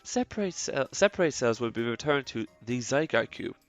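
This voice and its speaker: A man reading game characters aloud in a mock French accent, quiet and halting with stumbles. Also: mid-range voice, lively intonation, dry recording, soft background music, natural voice.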